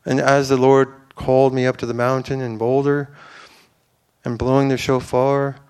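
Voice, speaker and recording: A man's voice: mid-range voice, flat delivery, normal speed, darkish tone, clean tone. A man giving an informal, earnest sermon to a church, rambling with fillers and restarts. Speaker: preacher.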